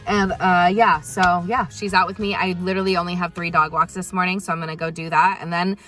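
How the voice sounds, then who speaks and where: A young woman dog trainer talking casually into her phone outdoors while walking, breaking into high sing-song praise for her dog. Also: level tone, fairly quick, pushed and bright, soft background music. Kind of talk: casual vlog narration. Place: outdoors on a quiet street and bike path. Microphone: phone held in hand while walking.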